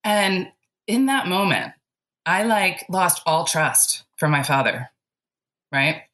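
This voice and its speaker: A woman's voice: fairly low pitch, animated, takes it slowly, fairly bright tone. A woman telling a childhood story in a casual spiritual chat, laughing often and using lots of fillers. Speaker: podcast guest.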